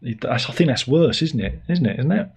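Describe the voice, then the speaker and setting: Husky English man chatting on a livestream. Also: medium pitch, expressive, normal speed, a little mellow. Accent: British (England). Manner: rambling, self-mocking, puts on silly voices for his dog. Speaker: livestream host. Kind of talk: casual chat.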